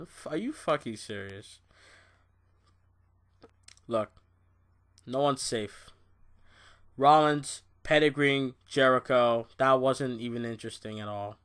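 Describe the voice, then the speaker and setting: A young man rants through a review, swearing freely and sounding fed up. He talks slowly, dropping into low grumbles and then flaring up loud. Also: clean tone. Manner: profane, exasperated, swings from loud outbursts to low muttering. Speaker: wrestling show reviewer. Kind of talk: ranting show review.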